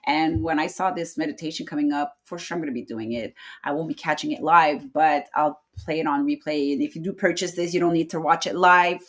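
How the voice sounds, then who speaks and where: A sassy middle-aged woman, a native French speaker, hosts a casual livestream and chats straight to her viewers. Her voice sits a little low, and she talks in an easygoing, familiar way, full of y'all and honey. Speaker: host.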